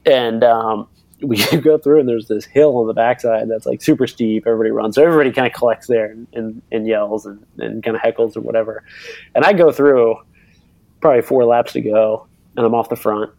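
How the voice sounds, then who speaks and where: A man's voice: mid-range voice, steady tone, fairly quick, gravelly, mellow, no echo, poor audio. Man telling a rambling racing story. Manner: rambling, many fillers, acts out others' voices. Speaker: interview guest, bike racer and mechanic. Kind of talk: casual storytelling.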